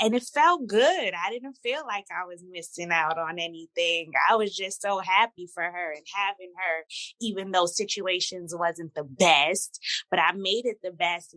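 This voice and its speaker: A woman's voice: medium pitch, dry recording, low-quality recording. A woman with a New York accent from Brooklyn, a podcast guest talking frankly and casually. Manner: lively, frank, switches between speech registers. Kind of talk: candid casual conversation.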